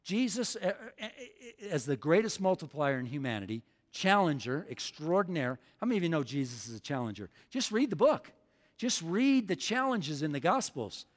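A man's voice: on the high side, sing-song, moderate pace. Emphatic male preacher in a reverberant hall. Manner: emphatic, repeats lines for the congregation. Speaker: pastor. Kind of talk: sermon.

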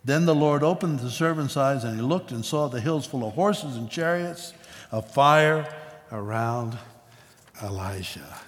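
A man's voice: mid-range voice, animated, a little slow. A man preaching a sermon as pastor, reading scripture aloud and explaining it in a conversational way with asides. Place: church sanctuary. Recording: long reverb of a large hall.

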